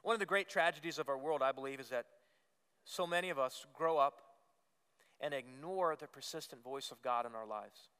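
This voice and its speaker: Man preaching in a church, bright clear voice, long echo off the walls. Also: medium pitch, normal speed. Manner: earnest preaching with repetitions and emphatic rises. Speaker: pastor. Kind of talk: sermon. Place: church sanctuary. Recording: long reverb of a church hall.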